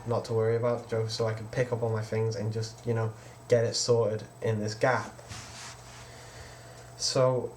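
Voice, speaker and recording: A man's voice: mid-range voice, a little mellow, a little hiss or hum. A teenage man, casually telling a personal story in a rambling vlog from his bedroom. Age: teens. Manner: casual, rambling, quotes others with "I was just like". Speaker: vlogger.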